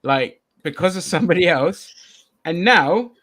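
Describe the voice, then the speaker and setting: A man hosting a casual podcast chat, brash and sweary, swinging between loud bursts and mumbles. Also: high-pitched, animated, measured pace. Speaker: podcast host.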